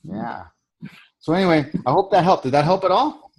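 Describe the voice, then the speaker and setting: A middle-aged man with a high-pitched, creaky voice and a breathy edge hosts a sales coaching call at normal speed. He's energetic and repeats himself, role-playing both sides of sales conversations in casual coaching talk.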